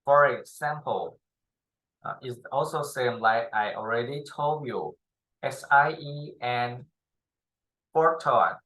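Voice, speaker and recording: A man with Thai as his first language teaching Chinese tones, speaking slowly with many repetitions, fillers and pauses. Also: medium pitch, a bit bright, rough recording. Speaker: Chinese tutor. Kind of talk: slow spoken language lesson.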